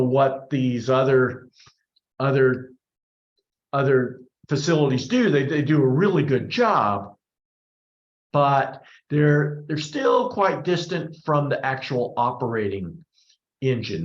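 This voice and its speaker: A man's voice: mid-range voice, expressive, slow pace. A man presenting a workshop, answering audience questions in a conversational way and often repeating words as he rethinks. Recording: roomy, dull lo-fi sound.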